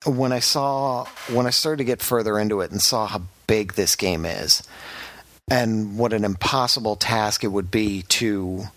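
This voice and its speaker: A man's voice: on the low side, a little slow, fairly bright tone. A man hosting a podcast, giving a frank, rambling game review in casual chat, with many fillers and restarts. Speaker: podcast host reviewing games.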